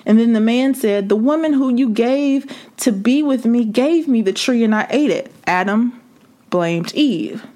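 A woman's voice: a little high, lively intonation, measured pace, mellow. A woman preaching a sermon, building fervor through repeated rhetorical questions. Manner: impassioned, repetitive rhetorical questions.

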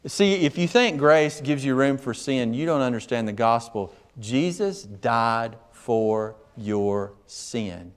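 A man preaching a sermon in a conversational tone that swings from quiet asides to emphatic questions. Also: medium pitch, animated, slow, few pauses, clean tone.

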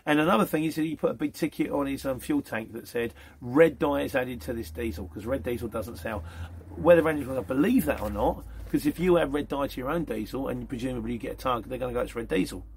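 A man's voice: mid-range voice, quick pace, a little mellow. A middle-aged man, chatting casually through viewer questions as the host of a van courier channel, rambling and plain-spoken. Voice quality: gravelly, husky.

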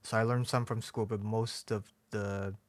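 Young man, soft hedging speech, fairly low voice, dry close sound. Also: level tone, normal speed, no echo. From China. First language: Chinese. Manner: soft-spoken, hedging, laughs often. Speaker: podcast guest, artist. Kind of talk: casual interview chat.

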